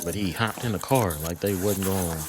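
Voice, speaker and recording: A male officer making blunt, offhand remarks in a fairly low voice. The body camera picks him up over a loud crowd. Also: normal speed. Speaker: police officer. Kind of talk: casual talk among officers.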